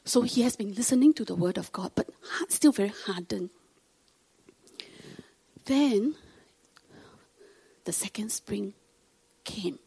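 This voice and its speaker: Animated husky-voiced woman telling a testimony. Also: mid-range voice, slow, pauses often. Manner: animated, acts out quoted voices. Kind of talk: testimony sermon storytelling.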